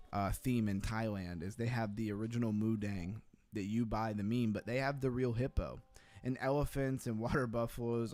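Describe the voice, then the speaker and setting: A man's voice: mid-range voice, darkish tone. A man hosting a livestream, giving blunt, skeptical commentary and reacting to viewer comments in a casual chat. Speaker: crypto livestream host.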